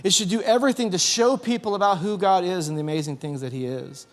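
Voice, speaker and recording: A man's voice: high-pitched, fast talker. A man with a Southern US accent, a youth pastor giving a sermon and firing questions at the audience to get responses. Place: church youth hall. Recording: long hall reverb, faint music behind.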